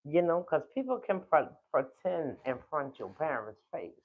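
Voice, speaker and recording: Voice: mid-range voice, big pitch swings. New Orleans speaker on a tinny livestream. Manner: emotional, drawn-out, talks straight to the audience. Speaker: livestream host. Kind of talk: casual heartfelt storytelling to viewers. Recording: tinny phone-like livestream audio.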